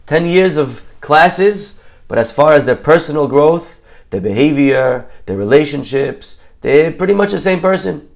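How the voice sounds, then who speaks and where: A man teaching a Torah class, telling a parable and acting out each character's lines with lively storytelling. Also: fairly high pitch, a little slow, vocal fry. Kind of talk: storytelling sermon.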